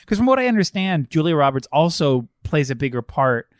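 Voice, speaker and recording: Animated man ranting on a podcast. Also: on the high side, fairly quick, no room sound, studio quality. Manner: animated, laughing, mocking put-on accents. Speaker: podcast co-host. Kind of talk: casual film-review chat.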